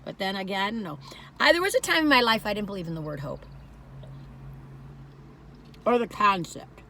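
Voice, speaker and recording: In a casual food review for her vlog, a northern American woman rambles emphatically while sampling a dessert. She speaks at a normal speed with a medium, sharp-toned voice and lively intonation, and there's slight background noise.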